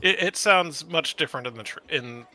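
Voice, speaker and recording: A man's voice: a little high, normal speed, pushed and bright. A man playing a doctor in a tabletop role-play game, easygoing and helpful in manner. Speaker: player voicing a Trill doctor.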